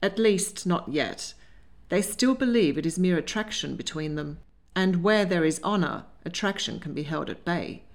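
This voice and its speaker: A woman voicing a brisk, scheming elderly grandmother who speaks bluntly and decisively. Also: lowish voice, expressive. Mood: conspiring.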